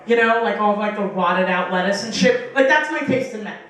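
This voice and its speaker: A woman's voice: medium pitch, animated, fairly quick, fairly bright tone. A young woman doing a stand-up comedy set on a small bar stage, rambling and profane with lots of fillers, acting out other people's lines. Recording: echoey bar room from a distance.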